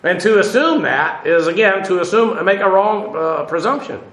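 A man gives a Bible study lecture in a noticeably high voice. He talks unhurriedly, dotting his points with "uh" and rhetorical questions. The recording carries a roomy echo. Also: lively intonation, normal speed, a bit bright. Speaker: Bible teacher.

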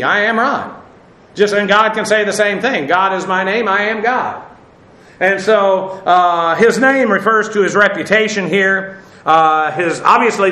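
A man with a high, bright voice leads a verse-by-verse Bible study, unpacking Greek words and spelling them out letter by letter. He talks in a relaxed way, full of fillers, and chuckles at his own jokes. The room has a noticeable echo. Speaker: Bible teacher.

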